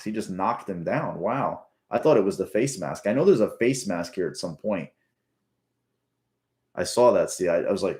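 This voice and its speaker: Deep-voiced man, casual sports breakdown, rambling, swears a lot. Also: lively intonation, fairly quick, darkish tone. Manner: rambling, profane, restarts often. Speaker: sports fan commentator. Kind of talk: casual game breakdown commentary.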